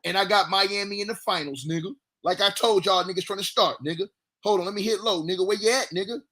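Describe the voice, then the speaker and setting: Hyped high-voiced man trash-talking on stream. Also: fast talker. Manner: loud, repetitive, trash-talking. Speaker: livestream sports commentator. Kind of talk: hyped livestream sports talk.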